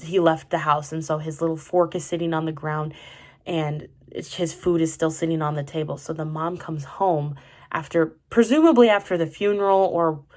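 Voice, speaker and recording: A woman's voice: deep voice, steady tone, moderate pace, darkish tone. A young woman chatting casually about a TV drama she watched, rambling with many fillers and restarts. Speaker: vlogger reviewing a TV drama. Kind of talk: casual chat.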